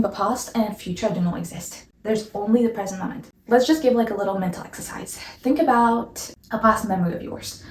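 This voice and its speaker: A woman's voice: mid-range voice, darkish tone, a little hiss or hum. Earnest woman vlogging in an echoey room. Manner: earnest, hedging, repeats disclaimers. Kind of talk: casual explainer vlog. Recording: roomy echo, mic at a distance.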